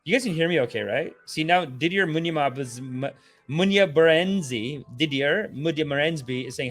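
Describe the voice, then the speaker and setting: Canadian guy reacting on a livestream, kinda high voice, swearing and cracking up. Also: moderate pace, faint music behind. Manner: animated, profane, laughing rant. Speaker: comedian host.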